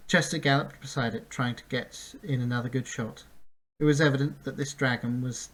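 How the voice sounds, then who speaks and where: A man's voice: medium pitch, fairly even intonation, fairly quick, a bit bright, rough recording. A man narrating a fantasy story aloud, reading with small slips and restarts. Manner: reads with slips and restarts, occasional laughs. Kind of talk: amateur audiobook reading.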